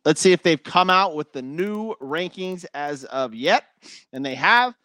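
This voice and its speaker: A man hosting a solo sports talk show, energetic and chatty, laughing at his own takes. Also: on the high side, a little slow, no echo.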